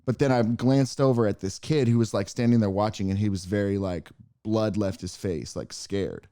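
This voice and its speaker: A man co-hosting a podcast, telling stories in a rambling, animated way with many fillers. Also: lowish voice, normal speed, no echo, studio quality. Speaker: podcast co-host. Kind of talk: casual chat, storytelling.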